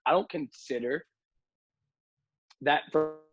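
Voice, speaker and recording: A man, a nightlife promoter, telling lively stories on a podcast, acting out the people he quotes. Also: fairly high pitch, slow pace, highs cut off, over music. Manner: animated storyteller, acts out quotes, many fillers like "like". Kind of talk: casual podcast storytelling.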